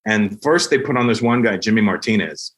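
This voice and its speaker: A middle-aged man, a comedian guest, casually telling animated stories and laughing as he goes. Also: lowish voice, brisk, husky. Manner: animated, acts out other people's voices with laughs. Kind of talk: casual storytelling anecdotes.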